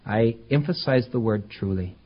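A man preaching a conversational sermon as pastor, talking plainly and then climbing to emphatic, louder peaks. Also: medium pitch, normal speed, husky, highs cut off.

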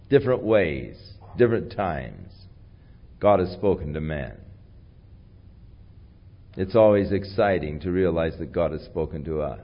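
Guy preaching, fairly low voice that carries, chatty storytelling, muffled old tape. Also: unhurried, pauses often. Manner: conversational storytelling, animated swings in pitch and loudness. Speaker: pastor. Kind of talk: sermon.

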